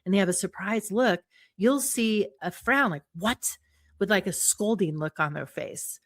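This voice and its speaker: A middle-aged woman psychologist, a guest on an interview show, explaining ideas in a lively way and acting out small examples. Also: mid-range voice, measured pace. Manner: animated, acts out little voices and examples.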